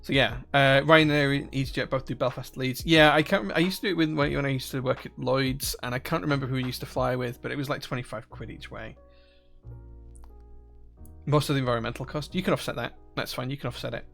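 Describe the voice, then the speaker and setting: Talking casually to his live-stream viewers and reading their chat questions, this Northern Irish host has a gravelly, mid-pitched voice with a steady tone. He thinks aloud, rambling, restarting sentences and filling gaps with "um." Faint music sits quietly behind him.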